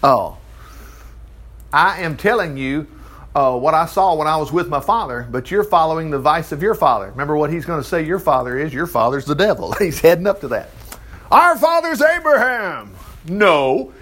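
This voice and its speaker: A man preaching a sermon, reading scripture and commenting with animated exclamations. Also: on the high side, a little fast. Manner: animated, exclaiming and chuckling between verses. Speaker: preacher teaching from the Bible.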